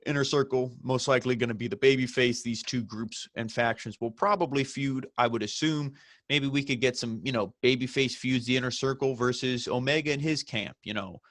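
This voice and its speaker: A man's voice: medium pitch, a little fast, a bit bright, dry recording, clean studio sound. A young man casually recapping and reviewing a wrestling show, rambling with lots of fillers and acted-out quotes. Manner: rambling, loose, with many fillers and quoted asides.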